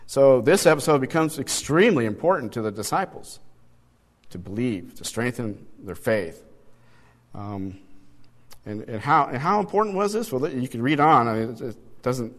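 A man's voice: mid-range voice, lively intonation, moderate pace. Man teaching Bible study in reverberant hall. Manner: conversational, asks rhetorical questions, reads passages aloud.

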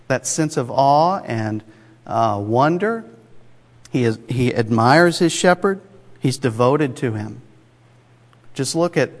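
A man preaching a sermon in a conversational, emphatic way, with rhetorical asides to the congregation. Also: medium pitch. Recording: long hall reverb.

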